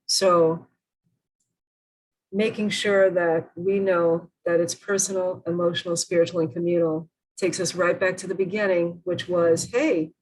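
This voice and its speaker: A woman's voice: on the low side, flat delivery, unhurried, a little mellow, low-quality recording. A woman presenting an online workshop over a video call, earnest and emphatic, often asking the group questions.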